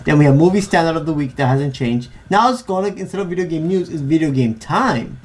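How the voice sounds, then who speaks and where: A man co-hosting a podcast in casual chat, excitable and tripping over his words. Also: fairly high pitch, fairly quick. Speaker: podcast co-host.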